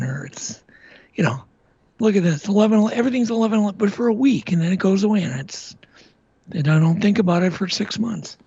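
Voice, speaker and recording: Male podcast host, high and gravelly, curious and easygoing, dull dry audio. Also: warm tone, dry recording. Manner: curious, laughs easily, asks open questions. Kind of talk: casual interview chat.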